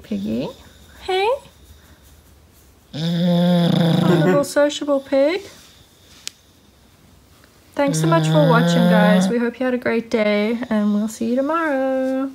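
A woman's voice: fairly high pitch, animated, slow pace, pauses often, very noisy. A woman vlogging at home in a casual chat, talking to her dog in affectionate baby talk. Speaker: vlog host and dog owner.

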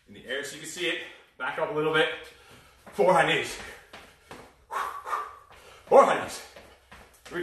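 A man's voice: fairly high pitch, unhurried, pauses often, reverberant, far from the mic, background noise. A man coaching a live-streamed boxing cardio workout, calling out counts and combos and swearing freely as he pushes viewers on. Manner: profane, pumped-up drill counting.

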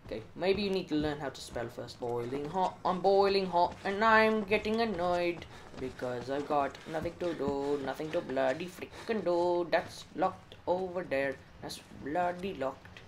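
A man's voice: on the high side, a little slow, a little hiss or hum, low-quality recording. A young man giving let's play commentary, muttering to himself with jittery nerves and frequent mild swearing. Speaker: gaming channel host.

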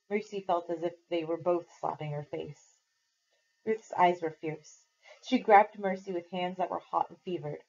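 A woman, a teacher, reading a novel aloud to her class in a steady, clear way. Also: on the low side, normal speed, dull audio.

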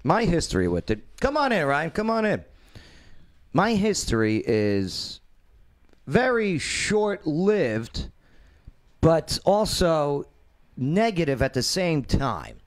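A man hosting his own talk show, telling a story in a lively, animated way with quoted voices. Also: on the high side, slow. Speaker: radio show host.

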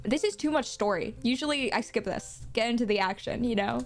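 A woman's voice: on the high side, a little fast. A woman in her twenties streaming a game live, joking sarcastically and giggling between lines.

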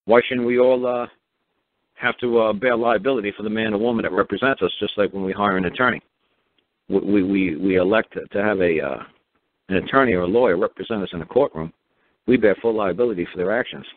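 A man's voice: lowish voice, fairly quick. A man ranting casually and sarcastically, acting out mock exchanges, with many restarts and fillers. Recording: dry tinny phone line.

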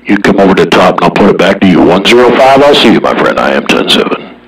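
A man's voice: deep voice, big pitch swings, fast, noisy background. A man chatting casually on the radio as an operator, with laid-back, joking banter. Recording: distant radio transmission.

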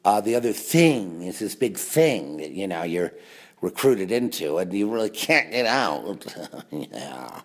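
A man's voice: fairly low pitch, big pitch swings, measured pace. A man delivering a rambling monologue to camera, sarcastic, with mocking asides. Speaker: conspiracy video host.

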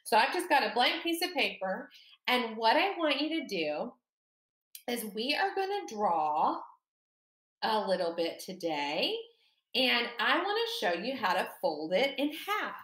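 A woman teaching a second-grade lesson, slowly and encouragingly, stressing words for young children. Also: fairly high pitch, echoey room. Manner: slow, animated, encouraging, exaggerated emphasis for children.

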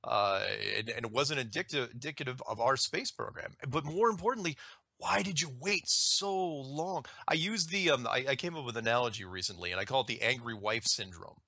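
A man ranting in an animated way on a talk show, repeating words and acting out quoted voices. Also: medium pitch, a little fast, no echo.

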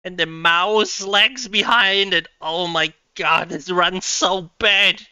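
A woman streaming a game live from her home computer setup, thinking out loud, laughing often and swearing freely. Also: fairly low pitch, slow pace, smooth, dry recording.

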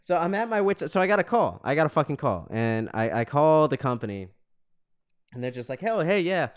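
A man's voice: mid-range voice, big pitch swings, fairly quick, clear, resonant tone. A young man from New York telling a story in a profane, exasperated rant as a podcast host. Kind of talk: ranting casual monologue.

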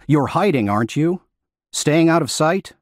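A man voicing an anxious male guide of time travelers, speaking in a hushed, urgent hiss. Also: medium pitch, lively intonation, unhurried, dry recording, studio quality.

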